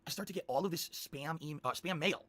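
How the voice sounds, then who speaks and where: A man telling a long rambling story to his stream viewers, animated and repeating himself. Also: on the high side, a little fast.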